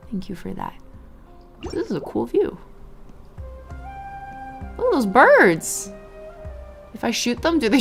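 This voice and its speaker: A woman's voice: on the low side, creaky. A woman streamer chatting casually while playing a game and answering her chat. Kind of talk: casual gameplay commentary.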